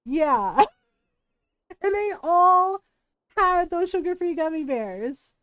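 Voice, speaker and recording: A woman's voice: very high voice, very animated, slow pace, a bit bright, no room sound. A woman streamer chatting casually while gaming, animatedly retelling a story, acting out quotes and laughing often.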